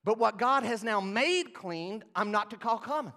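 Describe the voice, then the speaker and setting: A man's voice: sits high, animated, normal speed, sharp tone, full character voice. A man preaching, voicing an impassioned male apostle who retells his vision with insistent emphasis. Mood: animated.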